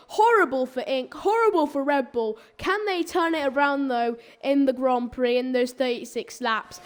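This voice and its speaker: A woman's voice: high voice, moderate pace. A woman commentating a live sim racing qualifying session in a chatty, rambling way, often stumbling and correcting herself. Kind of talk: live esports race commentary.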